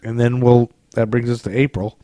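A man's voice: mid-range voice, flat delivery, moderate pace, dark tone, no room sound. A man co-hosting a podcast in casual banter, goofy and teasing, often laughing. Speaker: podcast co-host.

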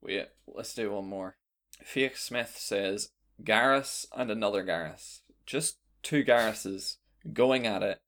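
Gravelly-voiced male podcast host. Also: fairly low pitch, slow, a bit bright. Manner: rambling, playful, reads out listener suggestions. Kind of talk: casual chat.

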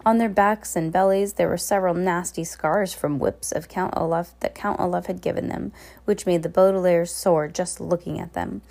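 A woman's voice: fairly low pitch, steady tone, moderate pace, creaky, darkish tone. A woman casually reading a novel aloud, unpolished, correcting herself and adding little asides. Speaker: reader.

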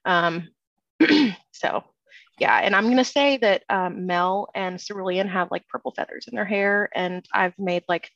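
A woman's voice: medium pitch, a little slow, fairly bright tone, dry recording. A woman describing her outfit as a guest player at a tabletop game, rambling and hesitant with lots of fillers. The mic sounds dull and dry, with no room around her. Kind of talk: casual tabletop game chat.

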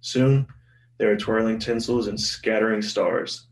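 A man's voice: fairly low pitch, a little slow, creaky, recorded from a distance. A man reading a children's Christmas picture book aloud, giving the characters' lines some expression. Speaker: guest reader. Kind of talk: storybook read-aloud. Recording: roomy sound from off-mic, soft music behind.

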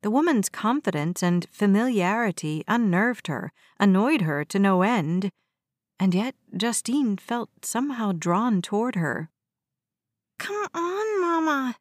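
A woman narrating an audiobook in a steady, even storytelling manner. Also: medium pitch, a little slow, no echo, studio quality.

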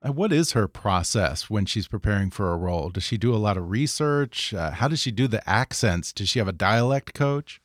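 A man hosting an interview, asking long, measured framing questions. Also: lowish voice, animated, dry recording, clean studio sound. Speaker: interview host.

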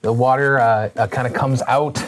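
A man narrates a tabletop role-playing session as its game master. His telling is loose and playful, full of casual fillers. The voice has an ordinary pitch. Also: fairly even intonation, normal speed.

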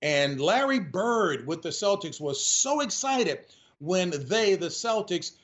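Lively storytelling man, lo-fi sound. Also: high voice, slow pace. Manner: lively storyteller who keeps addressing the host. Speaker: sportscaster and guest. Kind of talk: storytelling in a radio interview.

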